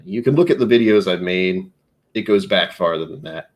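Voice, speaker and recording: A man with a low voice hosts a casual livestream. He rambles from topic to topic, pokes fun at himself and keeps the talk loose and jokey. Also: expressive, normal speed. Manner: rambling, self-mocking, jokey. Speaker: live streamer.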